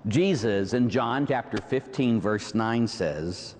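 A middle-aged priest with a Pittsburgh accent preaches a sermon, his voice rising and falling in a lively, expressive line. He keeps checking in with the congregation through rhetorical questions and quick asides. The church around him carries a long, ringing reverb. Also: fairly low pitch. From Pittsburgh, USA. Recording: long reverb in a large hall.

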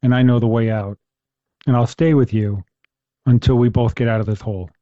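A man doing a calm, loyal friend. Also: medium pitch, brisk, dry recording, lo-fi sound, lightly acted. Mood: reassuring. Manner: calm, reassuring. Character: steady loyal male friend.

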